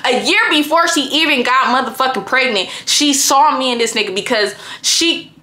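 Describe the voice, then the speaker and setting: A woman telling a personal story to viewers in a casual, profane and animated way. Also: high voice, moderate pace. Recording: roomy echo.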